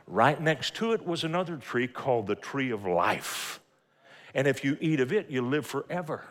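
A man's voice: medium pitch, sing-song, normal speed. A middle-aged man preaching a sermon, telling folksy stories from family life and quoting scripture. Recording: long hall reverb.

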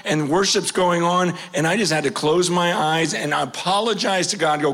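A man in his fifties preaching a sermon, telling a personal story with passion, swinging from loud urgency to hushed quiet. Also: a little high, normal speed, few pauses.

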